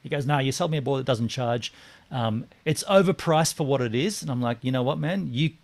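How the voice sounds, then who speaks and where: A man, co-hosting a casual chat and telling a story with lively acted-out quotes. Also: medium pitch, fairly quick. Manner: animated storyteller, acts out quotes, swears. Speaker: podcast co-host.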